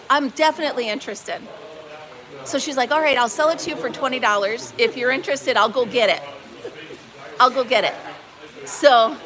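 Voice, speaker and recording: Woman host, high voice, exclaiming, chatting live from a busy market barn full of noisy crowd. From upstate New York. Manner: animated, exclaiming, acts out quoted dialogue. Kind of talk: casual storytelling to live viewers. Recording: busy crowd noise behind.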